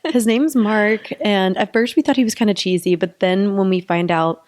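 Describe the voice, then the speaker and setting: A woman's voice: mid-range voice, moderate pace, a little mellow. Giggly chatty woman podcast co-host. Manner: chatty, giggly, lots of fillers. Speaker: podcast co-host, pelvic physical therapist. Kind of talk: casual chat.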